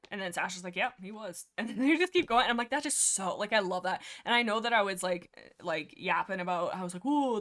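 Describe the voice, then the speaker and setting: A young woman hosting a casual book discussion livestream, rambling and excitable, often reading passages aloud. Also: mid-range voice. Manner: rambling, excitable, lots of fillers. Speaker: livestream host discussing books.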